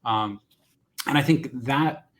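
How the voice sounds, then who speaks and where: A man from Texas speaking as an expert panel guest over a video call, halting with frequent restarts. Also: mid-range voice. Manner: halting, many restarts and fillers. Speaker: panel guest, university security chief. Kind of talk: casual panel discussion.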